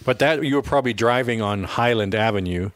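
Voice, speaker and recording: A man's voice: mid-range voice, brisk, dry recording. A man co-hosting a casual podcast, wry and opinionated, with a dry sense of humor. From South Africa. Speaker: podcast co-host. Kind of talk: casual chat.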